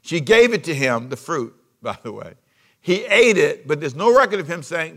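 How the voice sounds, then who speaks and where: A man preaching a sermon as pastor, swinging from loud emphasis to hushed asides. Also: a little high, big pitch swings, normal speed.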